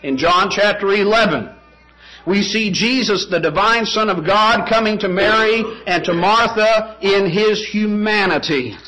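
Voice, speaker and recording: A man delivering a sermon in a high, bright voice. He preaches emphatically, repeating phrases and posing rhetorical questions. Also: a little slow, low-quality recording.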